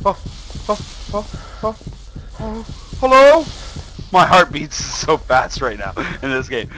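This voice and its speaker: A man's voice: a little high, huge pitch swings, slow pace, long pauses, bright, forceful tone, a little hiss or hum, rough recording. A young man playing a horror game, talking to viewers through a headset, jumpy and swearing under his breath as he goes. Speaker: gaming video host. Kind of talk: horror game let's play commentary.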